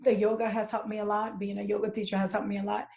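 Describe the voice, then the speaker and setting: A woman talking casually as a podcast guest, lively and animated as she tells stories. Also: medium pitch, fast, vocal fry. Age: adult with children. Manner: animated, acts out dialogue from her stories. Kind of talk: casual interview talk.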